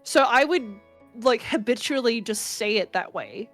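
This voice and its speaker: A woman with an Australian accent chatting casually on a podcast, teasing and playful with quick asides. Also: a little high, expressive, fairly bright tone, soft background music. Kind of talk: casual chat.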